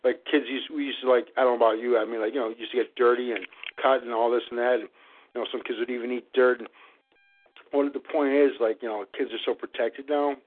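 Over a narrow phone line, a man on a casual phone-in talk show goes off on long, rambling rants packed with "like" and "you know." His medium-pitched voice is fast and fairly even in intonation.

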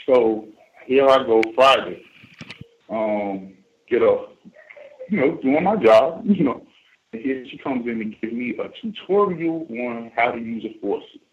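A man's voice: mid-range voice, expressive, measured pace. A man calling in to a radio show, telling a story in a casual, rambling way, full of fillers and restarts. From United States. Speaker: caller. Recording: phone line.

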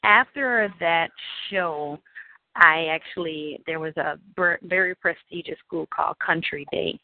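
Animated New woman telling her story. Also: on the low side, a little slow, no echo. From New Orleans, USA. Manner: animated, acts out quoted people in raised voices. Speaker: interviewee. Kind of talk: personal storytelling in an interview. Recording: dry, tinny phone-like line.

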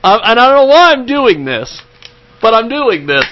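High, bright, upbeat talk-show host man. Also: very animated, moderate pace, a little hiss or hum, poor audio. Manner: upbeat, friendly plugging of guests.

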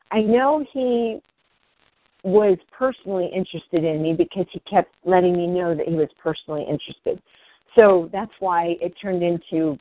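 Candid, animated woman on a tinny line. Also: no room sound. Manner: candid, swearing, animated with rising pitch. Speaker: interview guest. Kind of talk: emotional personal storytelling. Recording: dry, tinny phone-like line.

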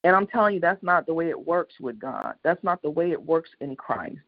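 Husky-voiced preacher, impassioned and repetitive, heard over a muffled phone line. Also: medium pitch, expressive, a little fast. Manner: impassioned, repetitive, swells to loud peaks. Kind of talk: sermon on a prayer line.

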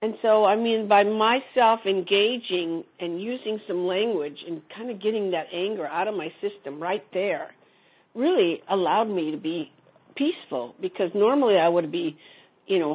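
A woman's voice: mid-range voice, breathy edge. A woman sharing a personal story casually in a group call, rambling with many restarts. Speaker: community call participant. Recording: phone-line audio.

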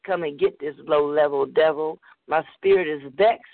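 A woman's voice: low-pitched, moderate pace, dry recording. A woman hosting a call-in poetry show and reading her poem bluntly and fiercely. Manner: blunt, fierce rhythmic recitation. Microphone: phone call. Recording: tinny phone line, dry.

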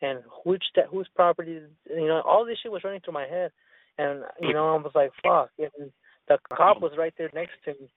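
A man's voice: a little high, brisk, vocal fry. A man telling a rambling story in casual chat, with lots of profanity and restarts. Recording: tinny phone-line sound.

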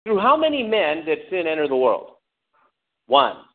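A man's voice: on the high side, unhurried. Preaching man on a tinny lo-fi line. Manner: animated preaching, calls out to the congregation, acts out angry shouts. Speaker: pastor. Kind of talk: sermon. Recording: tinny phone-like lo-fi sound.

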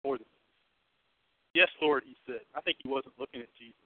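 A man preaching a sermon in a conversational way. He asks the congregation questions and swings between loud, emphatic bursts and hushed asides. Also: medium pitch, brisk, no echo, phone-quality sound. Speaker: pastor.

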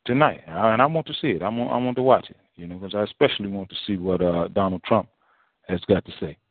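This sermon comes from a man whose voice sits on the low side and moves quickly. The pastor keeps it folksy and repetitive, firing off rhetorical questions, and the dry audio has a tinny phone-line quality.

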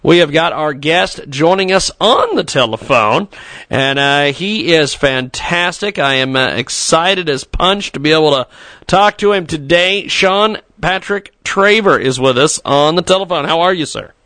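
A man's voice: a little high, expressive, measured pace, pushed and bright, no echo. A man hosting a casual radio talk show, rambling and joking to himself between segments.

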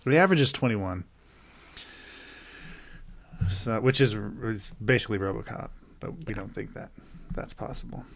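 A man co-hosting a movie podcast, laid-back, blunt and quick to laugh. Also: on the low side, lively intonation, vocal fry. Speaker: podcast co-host. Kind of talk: casual movie podcast chat.

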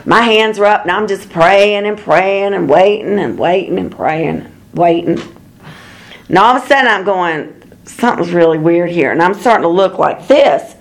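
A woman's voice: fairly low pitch, lively intonation, normal speed. A woman leading an informal Bible study, telling personal stories in a chatty way with lots of fillers. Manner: chatty storyteller, many fillers, laughs at herself.

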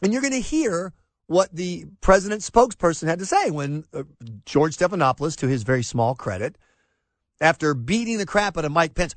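Sarcastic talk radio man, high and lively. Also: brisk, no echo. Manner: sarcastic, emphatic and rhetorical.

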